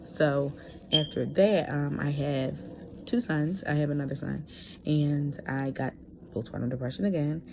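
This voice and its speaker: Low, gravelly-voiced woman vlogger. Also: unhurried, background noise. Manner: hesitant, many fillers and restarts; candid and earnest. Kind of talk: personal vlog talk.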